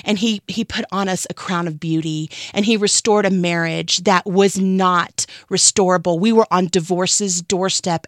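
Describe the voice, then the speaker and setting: A woman's voice: lowish voice, a bit bright, no echo, clean studio sound. A woman in her thirties giving an earnest, emotional personal testimony in a storytelling manner. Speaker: speaker sharing testimony.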